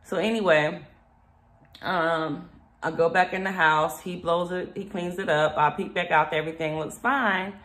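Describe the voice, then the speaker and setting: A woman casually telling a rambling story about her yard, acting out what people said. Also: normal speed. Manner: animated, rambling, acts out quotes with raised pitch.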